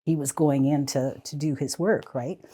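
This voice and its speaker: A woman in her seventies from the Squamish Nation, telling childhood stories in a relaxed interview, often laughing. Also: deep voice, normal speed. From Squamish Nation, Canada. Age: 70s. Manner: animated, laughing, restarts sentences. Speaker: community elder guest. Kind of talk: conversational storytelling.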